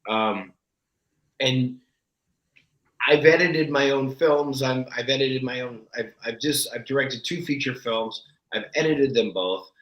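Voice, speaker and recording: Animated man telling stories in an echoey room. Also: mid-range voice, a little slow. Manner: animated, candid, self-deprecating. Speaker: guest actor. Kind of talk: casual interview storytelling.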